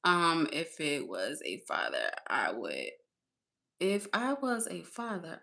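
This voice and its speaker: On a live stream, a woman rambles casually, reading chat aloud, laughing a lot, and calling her viewers "y'all." Her voice is fairly low and gravelly with a sharp edge, and she speaks slowly while her pitch swings wildly.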